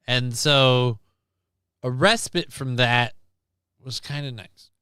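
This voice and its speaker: Smooth-voiced man rambling on a livestream. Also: medium pitch, takes it slowly, bright, forceful tone, no echo, studio quality. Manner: rambling, repeats and restarts words. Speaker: streamer host. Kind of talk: casual livestream chat.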